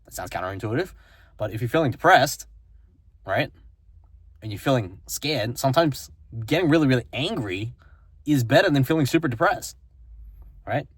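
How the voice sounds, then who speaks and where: A man's voice: medium pitch, lively intonation, normal speed, pauses often, breathy edge, no echo. A man giving a motivational self-help talk, earnest and repetitive, often tagging his points with "right?". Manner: earnest, repeats phrases and tags lines with "right?".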